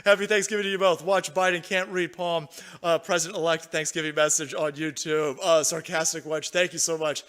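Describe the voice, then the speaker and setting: A man's voice: on the high side, steady tone, a little fast, a bit bright, clear, resonant tone. A young man hosting a livestream, ranting profanely about politics and reading out viewer chat. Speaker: livestream host.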